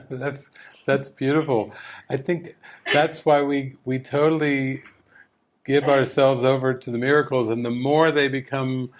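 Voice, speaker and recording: A man leading a retreat session over a video call, answering a question in a gentle, unhurried teaching manner and repeating words as he gathers his thoughts. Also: medium pitch, level tone. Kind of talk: calm spiritual teaching.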